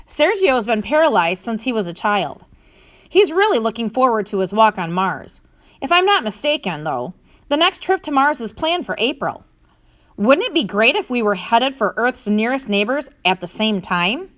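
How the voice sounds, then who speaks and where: A woman's voice: fairly high pitch, very animated, moderate pace, a bit bright. A woman reading the lines of a friendly male astronaut in a classroom storybook, keeping her own voice.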